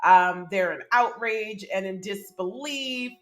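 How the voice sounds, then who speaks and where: A woman tarot reader gives a casual reading to camera, chatty and emphatic with frequent laughter. Her voice sits in the mid-range, and she takes things slowly.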